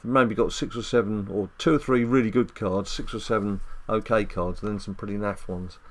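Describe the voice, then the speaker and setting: A middle-aged man hosting a casual gaming video with his son, joking and teasing in lively banter. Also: lowish voice, brisk. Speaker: gaming channel host, dad.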